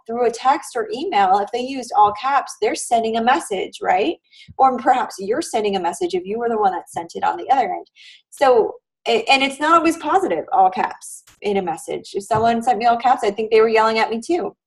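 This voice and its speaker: A woman's voice: a little high, a little mellow, far from the mic, rough recording. A woman instructor giving a live online class lecture in a conversational way, often checking in with her students. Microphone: video call.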